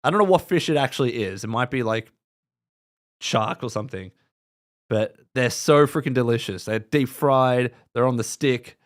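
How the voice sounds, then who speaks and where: A man's voice: mid-range voice, animated, normal speed. A man with an Australian accent hosting a live stream, chatting casually and rambling with his viewers, swearing now and then.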